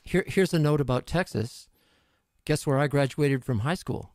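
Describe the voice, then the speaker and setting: Middle-aged Canadian man, musician guest on a casual live stream, relaxed and rambling, dry close-miked sound. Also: on the high side, moderate pace, dry recording. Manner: relaxed, rambling, self-deprecating.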